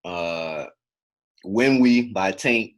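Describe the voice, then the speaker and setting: A man's voice: low-pitched, animated, extremely slow, highs cut off. A young man co-hosting a casual podcast, telling a story with lots of swearing and acted-out quotes. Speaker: podcast co-host.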